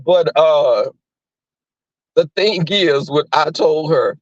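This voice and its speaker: A man's voice: a little high, slow pace, no echo. A man in his twenties hosting a casual livestream, telling a profane, gossipy story and answering chat. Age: 20s. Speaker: livestream host reading chat. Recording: dull lo-fi dry sound.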